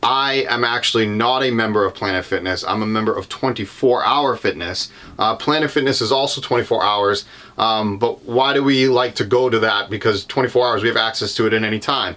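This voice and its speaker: Inside his van, a young Boston-accented vlogger talks fairly quickly in a fairly low voice that sounds pushed and bright. He gives a casual, rambling tour full of ums and self-corrections.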